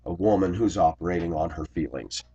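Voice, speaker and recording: Low husky man ranting indignantly. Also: fairly quick, mellow, dull audio. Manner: indignant, complaining, frequent throat clearing. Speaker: school bus driver. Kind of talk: ranting personal storytelling vlog.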